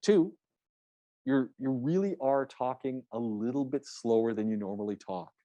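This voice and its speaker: A man's voice: mid-range voice, normal speed, dark tone, no echo. Man coaching a public speaking class. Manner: conversational, restarts often, coaching tone. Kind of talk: classroom feedback talk.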